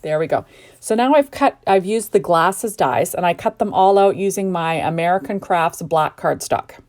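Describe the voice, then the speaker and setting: A woman's voice: fairly low pitch, expressive, moderate pace, darkish tone. A middle-aged woman from Canada, chatting sleepily and gushing as she narrates a home crafting tutorial. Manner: chatty and gushing, rambling asides. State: sleepy, yawning. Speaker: card-making crafter.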